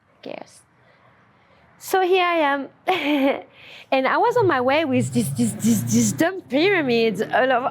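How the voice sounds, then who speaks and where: Young woman, French accent, slightly high voice, candid profane storytelling, laughing asides. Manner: frank and profane, laughs often, drops to hushed asides.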